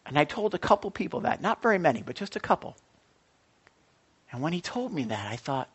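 A man preaching a sermon in a broadcast Bible teaching, excitable, jumping from loud exclamations to hushed asides. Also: on the high side, brisk, long pauses, breathy edge.

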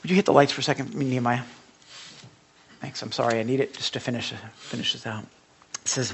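Here the preacher has a medium pitch with fairly even intonation and a creaky, slightly rough texture. His sermon is conversational and halting, full of restarts and repetitions, moving between quiet asides and impassioned outbursts.

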